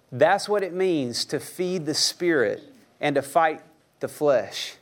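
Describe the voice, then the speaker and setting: A man's voice: fairly high pitch, expressive, unhurried. Joking, conversational male preacher. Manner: conversational, joking, asks the audience questions. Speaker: pastor. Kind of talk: sermon.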